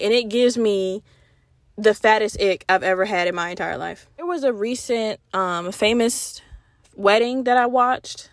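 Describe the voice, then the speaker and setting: A young woman hosting a solo podcast, talking in a candid, profane, animated way. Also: medium pitch, no room sound, clean studio sound. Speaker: podcast host.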